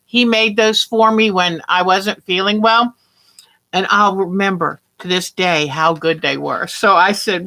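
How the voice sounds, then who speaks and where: A woman's voice: on the high side, bright, forceful tone. A woman hosting a casual quilting livestream, chatting and greeting viewers by name.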